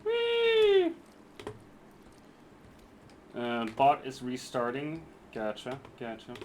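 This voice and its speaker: A man's voice: mid-range voice, a little slow, a little hiss or hum. A man streaming a video game, chatting casually with viewers, reading out chat and joking around. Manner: playful, jokey, reads chat aloud.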